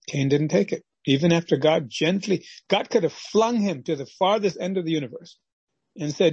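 A man's voice: on the high side, moderate pace, darkish tone, breathy edge, no room sound, dull audio. A male preacher giving a devotional sermon with passion, acting out the quoted voices of the people in his story. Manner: impassioned, acts out quoted voices of God and Cain.

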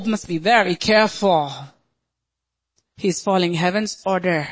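A woman's voice: mid-range voice, normal speed. A woman pastor preaching a sermon in an emphatic, dramatic way, often acting out quotes.

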